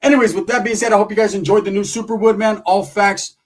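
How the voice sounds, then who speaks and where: A man's voice: high voice, level tone, fast. A man telling profane stories in a laid-back, casual way. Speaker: storyteller. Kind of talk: casual storytelling.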